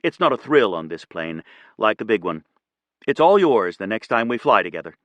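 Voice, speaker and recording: A man reading a composed female airline captain, quiet and kind but firm. The voice is low and close, with a dry, intimate audiobook sound. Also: big pitch swings, normal speed, no echo, highs cut off. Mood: calm. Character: calm, steady female airline captain, ex-military.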